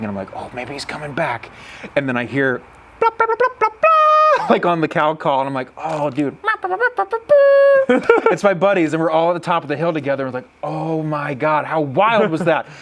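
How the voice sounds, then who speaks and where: A young man in a casual chat recounts a hunting trip in a mid-range voice. Excitable and quick to laugh, he keeps acting out the animal calls himself.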